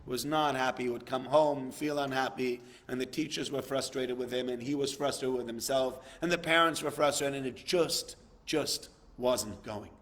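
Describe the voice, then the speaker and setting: A man's voice: mid-range voice, steady tone, moderate pace, few pauses, fairly bright tone. A man giving a sermon, telling a story and rising to impassioned emphasis. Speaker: rabbi giving a talk.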